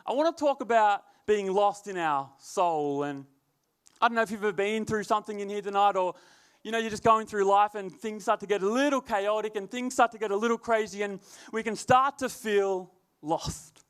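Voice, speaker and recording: A man's voice: high voice, moderate pace, fairly bright tone, clear, resonant tone. A young man, a youth leader telling a chatty, laughing story before a sermon. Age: young adult. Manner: laid-back, laughing often, chatty filler words.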